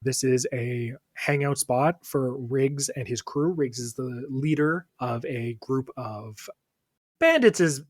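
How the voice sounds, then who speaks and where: A man's voice: mid-range voice, takes it slowly, no echo. Man narrating a tabletop game, dry mic. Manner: relaxed, conversational, filler-heavy. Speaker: dungeon master.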